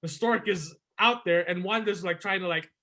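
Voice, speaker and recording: A man with a bright, forceful voice hosts a casual review podcast. He sits a little high in his range and walks through scenes loosely, leaning on "um" and "before you know it.". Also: moderate pace. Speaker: podcast host. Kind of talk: casual movie review chat.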